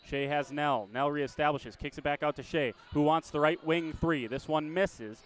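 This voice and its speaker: A man calling a high school basketball game play-by-play, chatty and quick to correct himself with a small laugh. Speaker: play-by-play announcer.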